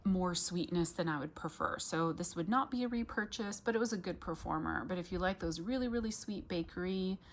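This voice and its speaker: A woman vlogger chatting casually through a product review, full of ums and likes and quick self-corrections. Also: lowish voice, a little hiss or hum.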